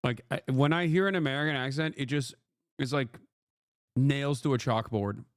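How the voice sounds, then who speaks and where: A man's voice: mid-range voice, normal speed, no room sound, clean studio sound. A man streaming a medieval game, joking and irreverent as he plays. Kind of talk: live-stream commentary.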